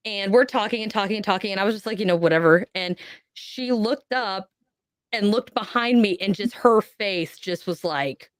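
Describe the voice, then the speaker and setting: A woman's voice: medium pitch, moderate pace, no echo, clean studio sound. Woman vividly telling a spooky story. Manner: animated storyteller, acts out quoted voices. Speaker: podcast guest. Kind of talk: telling a personal ghost story.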